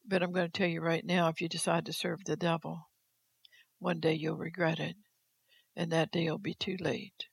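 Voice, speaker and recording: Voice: medium pitch, little pitch movement, normal speed, creaky, breathy edge. A preacher delivering a sermon, speaking straight to the listeners and repeating phrases for emphasis.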